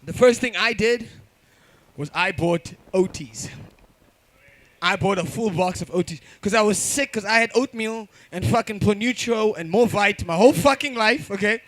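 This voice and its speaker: A man's voice: high-pitched, moderate pace, fairly bright tone, no echo. A man hosting a comedy show, teasing and swearing at the crowd from a bar stage. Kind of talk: stand-up crowd work.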